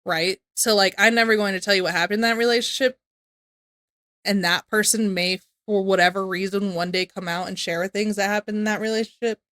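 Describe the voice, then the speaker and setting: A woman's voice: medium pitch, steady tone, fairly quick, a bit bright, no echo. A young woman reacting to a video, talking casually in a rambling, exasperated way. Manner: rambling, exasperated, repeats herself. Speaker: reaction streamer.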